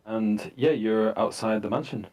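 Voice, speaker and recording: Man, game master, low voice, halting narration, many fillers. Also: creaky, a little mellow.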